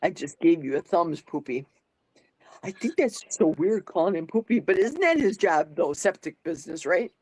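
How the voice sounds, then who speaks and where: Older woman, livestream host, talkative, thinks out loud, dry sound. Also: lowish voice, big pitch swings, moderate pace, no echo, low-quality recording. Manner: chatty, thinks aloud, reads out comments. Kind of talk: casual live chat.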